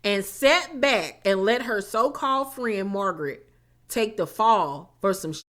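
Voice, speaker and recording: A woman's voice: medium pitch, lively intonation, a little slow, a bit bright. A young woman hosting a reality show recap in a casual, blunt and profane manner.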